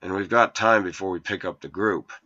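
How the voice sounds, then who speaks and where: A man in his forties with a fairly low voice delivers a meandering personal monologue to his viewers. He tells his stories in an earnest, aggrieved tone. The sound is dull and lo-fi. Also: fairly quick, pushed and bright. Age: 40s. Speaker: vlogger. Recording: dull lo-fi recording.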